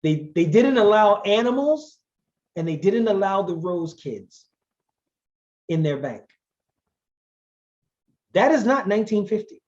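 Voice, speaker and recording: A man's voice: high-pitched, sing-song, unhurried, pauses often, a little mellow, dull audio. Emphatic man lecturing. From Charleston, South Carolina. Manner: emphatic, conversational, wry asides. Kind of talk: guest lecture.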